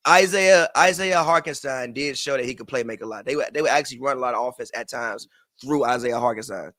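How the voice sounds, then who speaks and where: A man's voice: mid-range voice, fairly bright tone, no room sound, studio quality. A man co-hosting a casual basketball podcast, laid-back, hedging and repeating himself, swearing now and then. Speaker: podcast co-host.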